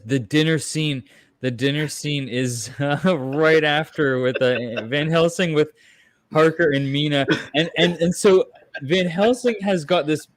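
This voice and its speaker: A man's voice: medium pitch, no room sound, clean studio sound. A man hosting a casual movie chat, rambling with lots of fillers and restarts. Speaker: podcast host.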